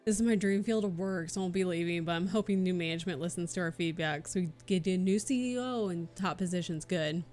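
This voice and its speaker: A woman's voice: lowish voice, quick pace, few pauses. A woman streamer chatting casually and swearing freely while she does cross stitch and reads her chat. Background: soft background music.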